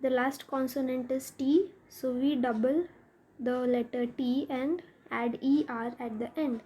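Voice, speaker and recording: A woman's voice: high voice, fairly even intonation, a little slow, mellow, husky. A woman teacher explaining a grammar lesson step by step, spelling out letters as she goes.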